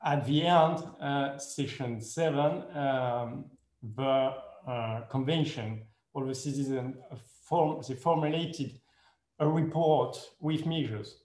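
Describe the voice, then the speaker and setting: A man giving a conference presentation in careful non-native English, hesitant and full of pauses and fillers, correcting himself as he goes. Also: medium pitch, a little mellow. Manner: speaks English as a second language. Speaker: conference speaker. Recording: echoey room.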